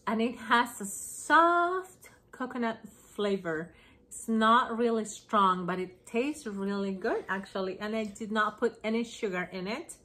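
A woman chatting excitedly on her home craft vlog, gushing over gifts she received. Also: mid-range voice. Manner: gushing, excited, slow-paced. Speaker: craft vlogger. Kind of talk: casual vlog chat.

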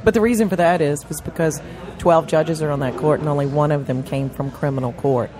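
A woman's voice: deep voice, fairly quick, a crowd in the background. A woman who is a judge chatting in a bar, answering in a dry, matter-of-fact way. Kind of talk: casual bar chat.

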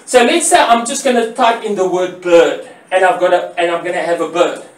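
A man's voice: sits high, brisk. Man lecturing from far off the mic. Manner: explains step by step, repeats key words, asks rhetorical questions. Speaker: graphic design teacher. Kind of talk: classroom lecture. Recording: roomy echo, voice from far off the mic.

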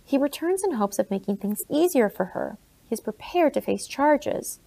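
Woman reading as old colonial gent, blunt and serious, slightly gravelly voice, audiobook style. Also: high voice, lively intonation, moderate pace, dark tone, voice pushed up, exaggerated voice. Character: male colonial gentleman, older, blunt and grave.

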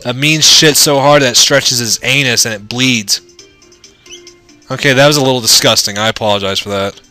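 A man's voice: mid-range voice, normal speed, bright, forceful tone, soft background music. A man giving casual, rambling, profane commentary while playing through a video game. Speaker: let's play gamer.

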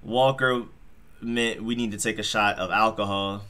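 A man hosting a live football reaction stream, talking straight to his chat in an excitable, slangy way. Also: lowish voice, moderate pace.

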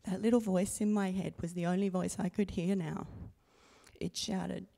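A middle-aged woman giving an earnest, quiet personal testimony to a congregation on a handheld microphone in a church. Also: lowish voice, steady tone, creaky. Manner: slow, earnest, quiet and intimate. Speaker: baptism candidate sharing testimony. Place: church sanctuary.

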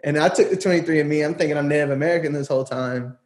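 A man's voice: a little high, steady tone, racing, a little mellow. A young man, a music producer, chatting casually as an interview guest, rambling with lots of fillers and easy laughs. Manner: laid-back, rambling, laughs often, many "like"s.

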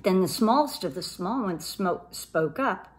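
Casting note: woman storyteller, picture-book read-aloud, animated, swooping pitch. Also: measured pace. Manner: expressive, animated reading.

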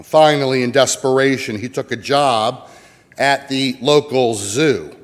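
A pastor from the American Midwest preaching a sermon, telling folksy stories with jokes. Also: male voice, mid-range voice, unhurried. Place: church sanctuary. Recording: long church reverb.

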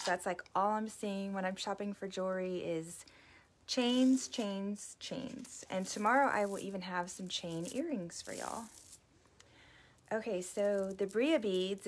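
A woman hosting a casual live boutique sale, bubbly and chatty, a little out of breath. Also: mid-range voice. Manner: bubbly, chatty, apologetic asides.

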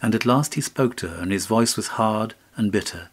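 Low-voiced male storyteller. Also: husky. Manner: measured, storytelling. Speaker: audiobook narrator. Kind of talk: scripted narration of a fairy tale.

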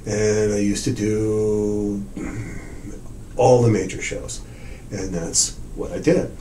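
Older man telling an animated story. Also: lowish voice, slow pace, a little hiss or hum, poor audio. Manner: animated storyteller, acts out quotes, swears. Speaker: art dealer, interviewee. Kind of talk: oral history interview, storytelling.

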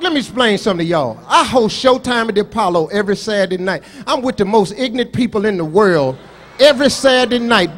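A man's voice: high voice, a bit bright. A man doing a live stand-up comedy set, brash and profane, boasting and scolding the crowd. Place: live comedy show on stage.

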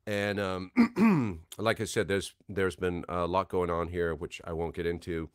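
A man's voice: deep voice, animated, measured pace, smooth, no echo, clean studio sound. A man hosting a signing livestream, talking in a rambling, chatty, self-deprecating way at a desk microphone. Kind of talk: casual livestream chat.

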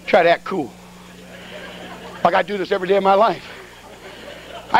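Excitable folksy preacher, high-pitched and gravelly. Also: male voice, fairly quick, long pauses, poor audio. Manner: folksy, animated storyteller with sound effects. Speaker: evangelist preacher. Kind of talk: storytelling sermon.

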